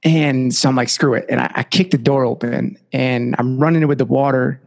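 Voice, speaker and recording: A man's voice: mid-range voice, fairly even intonation, moderate pace, vocal fry, darkish tone, big-room sound. A young adult man, a podcast guest, telling a personal life story earnestly and often saying "like" and "you know".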